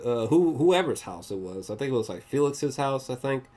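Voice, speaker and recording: Movie reviewer for a casual vlog. Animated and rambly, swears freely, pitch swings widely. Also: a little fast. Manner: animated and excitable, swears often; rambling, with frequent restarts and fillers.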